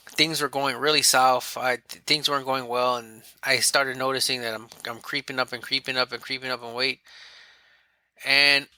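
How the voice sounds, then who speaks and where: A man's voice: medium pitch, smooth, dry recording. A man speaking as a podcast guest, candidly telling his own story in casual talk and acting out what others said. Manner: candid, animated, quotes himself and others.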